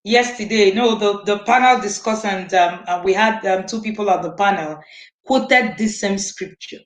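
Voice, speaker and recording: A woman's voice: mid-range voice, normal speed. A woman with a mid-range voice moderates a panel discussion, reflective and encouraging, picking up on what others said. Her voice carries a noticeable room echo. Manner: reflective, affirming, with many hums of agreement. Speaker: host and moderator.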